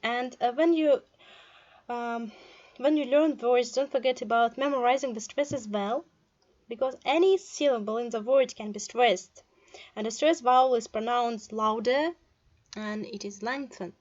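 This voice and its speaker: Woman, Russian accent, language teacher, very slow and careful, slightly high voice, dull lo-fi sound. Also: darkish tone. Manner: reads vocabulary words aloud one by one with short English glosses, hesitant fillers. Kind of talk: slow online language lesson.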